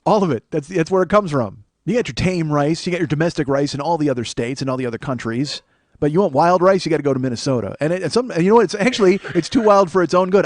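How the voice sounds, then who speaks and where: A man's voice: on the high side, lively intonation, quick pace, no echo. A man in his forties from Chicago, a podcast host riffing through a sarcastic, profane comedic monologue in a small studio.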